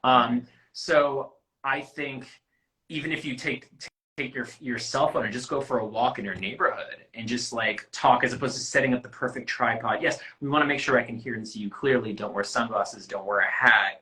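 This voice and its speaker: Casting-director-type man, bright and lively, easygoing talk over a video call. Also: medium pitch, normal speed, rough recording. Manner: animated, acts out applicants' lines, swears freely. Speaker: casting producer. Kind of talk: casual livestream chat. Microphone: phone or laptop on a video call.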